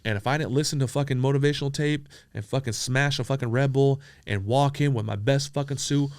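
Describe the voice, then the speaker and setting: A man from San Diego telling profane, animated stories as an interview guest, acting out the dialogue he quotes. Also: mid-range voice, brisk, dry recording. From San Diego, USA. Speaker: entrepreneur guest. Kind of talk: casual storytelling interview.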